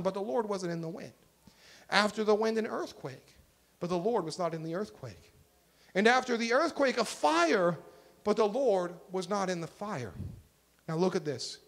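Male pastor, high voice, earnest sermon, emphatic lines that fall to a hush. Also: expressive, moderate pace. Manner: earnest, swings from emphatic to hushed. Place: church sanctuary.

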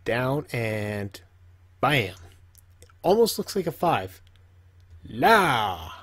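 Husky man teaching in a slow drawl. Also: mid-range voice, big pitch swings, a bit bright. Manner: joking, talks to himself while drawing. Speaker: language teacher. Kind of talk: casual tutorial while drawing.

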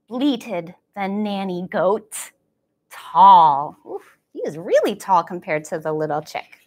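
A children's librarian leads a live-streamed baby storytime, her playful, sing-song delivery full of animal sounds. She speaks unhurriedly at a medium pitch that swoops wildly, and she's picked up by a camera across the room.

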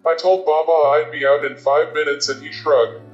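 A man reading a novel aloud as an audiobook narrator, with a steady, even storytelling delivery. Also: fairly high pitch, normal speed. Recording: roomy, dull lo-fi sound. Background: faint guitar music.

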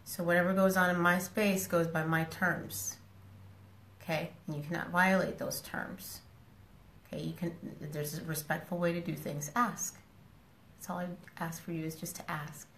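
A woman's voice: lowish voice, level tone, moderate pace, a bit bright, echoey room, a little hiss or hum. A woman talking casually and frankly to her followers on a live stream, scolding them with affection and repeating herself. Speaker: social media personality talking to followers.

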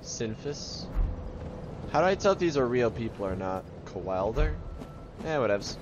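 A man chatting over a video game playthrough, his pitch swinging widely as he jokes and talks back at the enemies. The recording is noisy, with clear hiss and game sound under his voice. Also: very animated, moderate pace, long pauses, lo-fi sound. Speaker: gameplay commentator. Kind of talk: let's play commentary.

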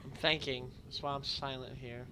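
A man streaming a horror game in let's-play commentary, goofy and jokey, swearing freely and bursting into loud shouts. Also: mid-range voice, little pitch movement, normal speed, background noise. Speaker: gaming streamer.

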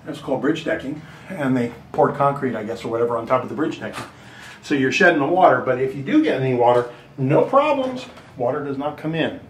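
A man's voice: mid-range voice, big pitch swings, fast talker, slight background noise. A middle-aged man giving a rambling, joking house tour as a real estate agent, slightly out of breath. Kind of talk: casual walkthrough talking to camera. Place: inside a large empty house. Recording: echoey empty rooms.

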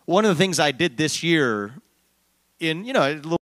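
Man hosting a town hall, bright, forward voice, dry close sound, fluent and rallying. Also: a little high, moderate pace. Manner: fluent, animated, jokey asides, rallying. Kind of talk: public town hall remarks.

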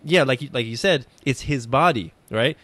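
A man's voice: medium pitch, moderate pace, a bit bright, dry recording. A man hosting a podcast, chatting casually, often repeating words as he talks, and laughing often. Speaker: podcast host. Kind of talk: casual chat.

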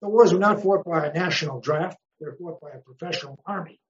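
A man's voice: fairly high pitch, quick pace, dull audio. A man, a history professor, speaking as an interview guest in an emphatic, wry way and posing rhetorical questions. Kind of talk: conversational interview.

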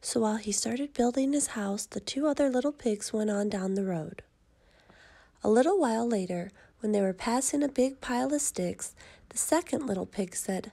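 A woman narrating a children's story in a measured, expressive way. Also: fairly high pitch, creaky.

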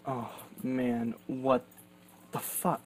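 A young gaming streamer comments on his gameplay in a mid-range, monotone voice, drawing out his words and raising his voice as he swears often in exasperation. Faint background noise sits under the recording.

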